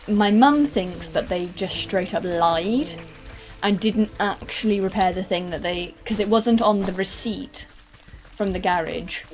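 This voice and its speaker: A woman's voice: mid-range voice, darkish tone. A young British woman streaming a game, rambling and chatting casually with some swearing. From United Kingdom. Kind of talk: casual gaming stream chat.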